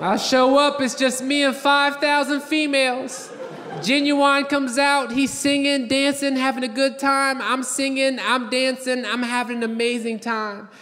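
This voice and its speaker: High-voiced brash stand-up comedian. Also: male voice, flat delivery, unhurried, sharp tone. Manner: brash, profane storytelling with acted-out quotes. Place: large theater stage before a live audience. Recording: live theater with long reverb. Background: audience laughter.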